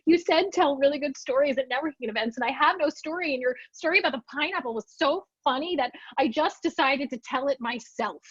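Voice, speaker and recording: A frazzled, rueful office worker sounds worn out after a long day at work, as a woman presenter quotes her. The voice stays close to the presenter's own, slightly higher and muffled. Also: brisk, hardly any pauses, fairly bright tone, no room sound. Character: stressed woman at a networking event.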